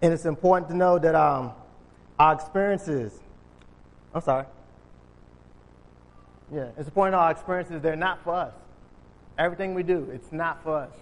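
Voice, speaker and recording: A man's voice: a little high, normal speed, pauses often. Man preaching casually in a reverberant hall. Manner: conversational, acts out Bible figures in casual modern speech. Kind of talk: informal sermon.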